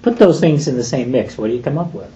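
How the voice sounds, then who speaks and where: A man's voice: medium pitch, lively intonation, quick pace, warm tone. A man preaching a sermon, emphatic and full of rhetorical questions, on a dull lo-fi recording.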